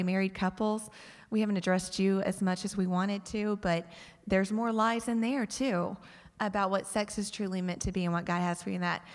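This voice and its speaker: A woman co-hosting a church talk who speaks earnestly and gently to the audience before leading a prayer. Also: mid-range voice, big-room sound. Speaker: pastor's wife, co-host.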